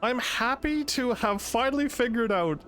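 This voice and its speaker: A man's voice: very high voice, lively intonation, normal speed, a bit bright, faint music behind. A man streaming a game who chats to his audience, laughs often, and reads the game's narration aloud. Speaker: gaming streamer. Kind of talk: casual game commentary.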